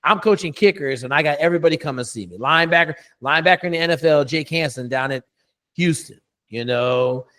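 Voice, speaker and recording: A man's voice: fairly high pitch, fairly quick, pushed and bright. A middle-aged man, a coach, telling a story in a casual interview, blunt and profane with lots of emphasis.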